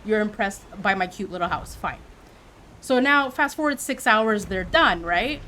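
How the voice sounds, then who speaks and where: Animated storytelling woman streamer. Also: mid-range voice, unhurried, a little hiss or hum. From Quebec. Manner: animated, acts out quoted voices. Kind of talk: casual storytelling to chat.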